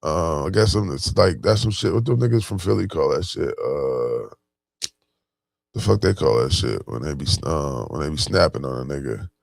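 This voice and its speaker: A man's voice: a bass voice, lively intonation, normal speed, creaky, no room sound, studio quality. A man from Buffalo with a Buffalo accent giving a casual motivational talk, slangy and full of "you know what I'm saying.". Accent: Buffalo, New York. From Buffalo, New York. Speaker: vlogger.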